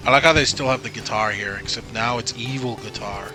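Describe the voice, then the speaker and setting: A young Australian gaming streamer from Queensland rambles casually with sarcastic asides while playing a game, game music in the background. His voice is lowish and fairly quick.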